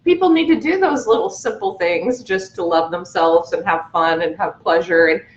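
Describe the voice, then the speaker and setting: A woman's voice: on the low side, normal speed. Earnest woman on an echoey, muffled call. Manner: earnest, reflective. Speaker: podcast guest, author. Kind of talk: casual chat.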